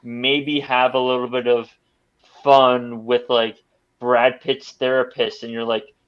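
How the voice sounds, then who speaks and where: A man's voice: medium pitch, level tone, slow, lo-fi sound. A man giving a casual film review on a podcast, rambling with many restarts and stammers. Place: podcast studio.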